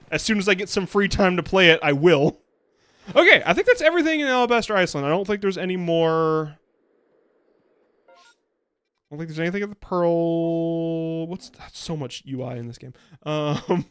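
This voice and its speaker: A man's voice: on the high side, bright, forceful tone, smooth, no room sound. A man streaming a video game, chatting casually in a rambling way with plenty of fillers. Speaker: VTuber streamer. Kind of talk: casual let's-play commentary.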